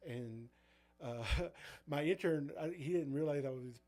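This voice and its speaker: A man's voice: on the high side, measured pace, warm tone. A middle-aged man, a youth pastor co-hosting a casual chat and telling rambling stories full of fillers and restarts.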